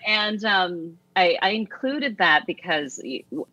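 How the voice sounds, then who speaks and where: A woman's voice: lowish voice, sing-song, slow pace, pushed and bright, dry recording. A woman in her forties, a teacher and author, talking through her own story in an earnest, reflective interview. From United States. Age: 40s. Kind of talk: casual reflective interview talk. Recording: slightly dull, dry recording.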